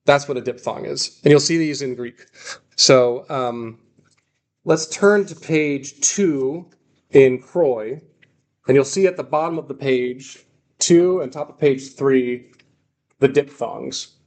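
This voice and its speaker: A man's voice: mid-range voice, slow pace. A man teaching a Greek lesson, explaining patiently and repeating words as he goes. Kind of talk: classroom lesson.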